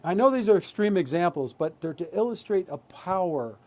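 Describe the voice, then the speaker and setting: Man, workshop presenter, earnest, keeps asking "right?", slightly high voice, mellow tone. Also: animated, a little fast. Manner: earnest, repetitive, checks in with "right?". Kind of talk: live online workshop talk.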